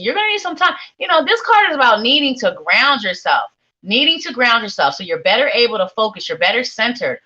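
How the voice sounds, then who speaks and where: A woman giving a live psychic tarot reading, talking straight to her viewers in a warm, rambling way and repeating her phrases. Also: mid-range voice, dull audio. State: sleepy.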